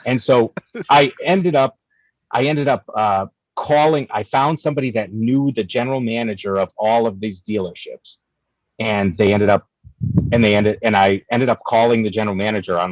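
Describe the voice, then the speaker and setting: Profane, animated man telling stories. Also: on the low side, no room sound, low-quality recording. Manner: animated, profane, acts out both sides of arguments. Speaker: guest, cigar company figure. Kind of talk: casual storytelling.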